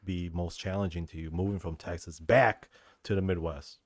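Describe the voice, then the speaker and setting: A man's voice: deep voice, steady tone, moderate pace, no echo, clean studio sound. A man hosting a podcast, asking questions in a laid-back conversational way. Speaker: podcast host. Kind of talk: casual interview questions.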